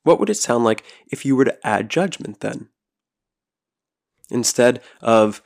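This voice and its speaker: A man hosting a solo podcast, speaking in a calm, reflective way and posing rhetorical questions to the listener. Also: mid-range voice, measured pace. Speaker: podcast host.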